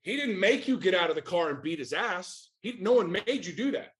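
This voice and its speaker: A middle-aged American podcast guest speaks in a high, slightly bright voice, expressive and a little fast. In this candid interview he is intense, swears often, and fires off rhetorical questions.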